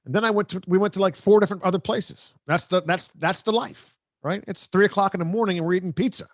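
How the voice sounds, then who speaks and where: A man's voice: high voice, fast, no room sound. A middle-aged man hosting a live stream, chatting casually, reading viewer comments, and rambling with jokes at his own expense. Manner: rambling, joking, self-mocking. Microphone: close microphone.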